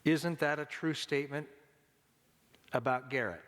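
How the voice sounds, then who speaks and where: A man preaching a funeral sermon, slow and deliberate, repeating his key lines. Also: medium pitch, a bit bright. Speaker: pastor. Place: church sanctuary. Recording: long church reverb.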